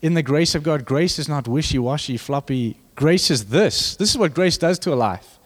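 A young man preaching a sermon, animated and joking with the congregation, building to fervent emphasis. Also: a little high, normal speed. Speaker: pastor.

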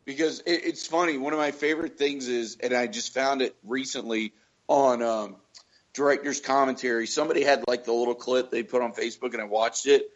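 A man's voice: medium pitch, fairly even intonation, a little fast, lo-fi sound. Swearing man telling movie stories. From Florida. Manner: swearing storyteller, acts out quotes loudly. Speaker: podcast co-host. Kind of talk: casual chat.

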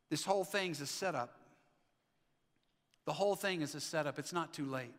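A man preaching a sermon as pastor, animated, acting out the lines of the people in the story. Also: a little high, normal speed, pauses often, in a large hall. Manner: animated, acts out the Bible figures' lines. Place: church sanctuary.

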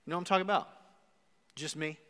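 A man's voice: fairly high pitch, steady tone, fast talker, a bit bright. A male pastor preaching a live sermon in a church, retelling a story dramatically and speaking straight to his listeners. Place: church sanctuary. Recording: live church recording with long reverb.

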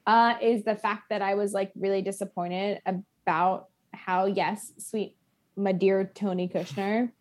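A woman co-hosting a podcast, animated and swearing freely in casual chat, often talking over the others. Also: mid-range voice, unhurried. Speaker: podcast co-host.

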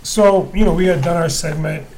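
A man's voice: fairly high pitch, normal speed, gravelly, darkish tone. A man casually telling a long backstage story as a guest DJ, rambling with plenty of fillers. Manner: laid-back, rambling with fillers.

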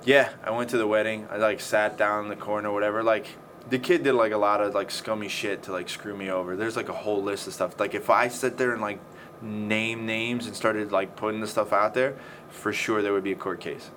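A man's voice: lowish voice, a little fast. Swearing man telling a story. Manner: swearing often, animated storytelling. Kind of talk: casual chat. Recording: faint background noise.

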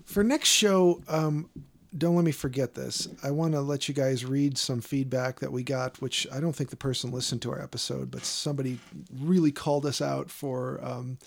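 A man co-hosting a podcast, chatting casually and dropping wry, quick quips. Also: mid-range voice, steady tone, gravelly. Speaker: podcast co-host. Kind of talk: casual chat.

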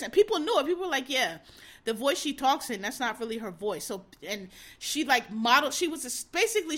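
Bright-voiced woman ranting, profane and animated. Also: on the high side. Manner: animated, profane storytelling with acted-out quotes. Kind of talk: casual commentary.

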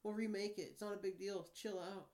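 Wyluzowany, upalony mężczyzna prowadzący podcast. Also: male voice, high voice, steady tone, fairly quick, a little mellow. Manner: laid-back, swears often, says dude a lot. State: high. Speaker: podcast host. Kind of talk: casual chat.

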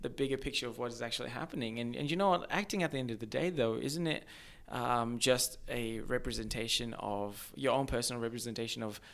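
A man with a mid-range voice chats about film in a loose podcast conversation. He rambles, restarts his sentences, and gets animated as he goes. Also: mid-range voice, brisk, vocal fry, hardly any pauses. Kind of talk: casual film discussion.

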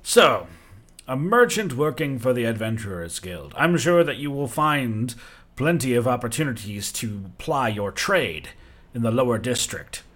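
A man's voice: mid-range voice, sing-song, measured pace, fairly bright tone, voice pushed up. A man voicing a huge, proud male fire giant king who speaks grandly and theatrically. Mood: grand, amused.

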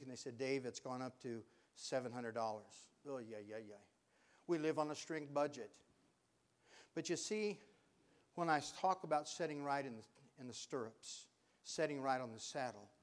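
An older man preaching a sermon, telling folksy stories and building to fervent exhortation. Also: medium pitch.

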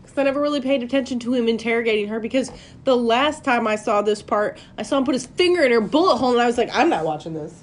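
A woman's voice: on the high side, very fast. A woman co-hosting a podcast, chatting candidly about a movie with casual swearing. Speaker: podcast co-host. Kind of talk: casual film chat.

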